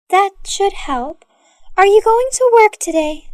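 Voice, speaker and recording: A woman teaching English, reading short everyday dialogues aloud, taking both parts, in a clear, careful way for learners to repeat. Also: extremely high pitch, expressive, measured pace, a little mellow, no echo, studio quality.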